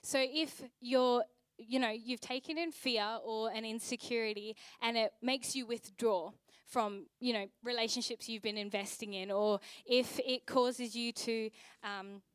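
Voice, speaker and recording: A woman's voice: a little high, steady tone, a little slow, clean tone, no room sound. A young adult woman pastor, preaching a sermon in a conversational, chatty way with asides.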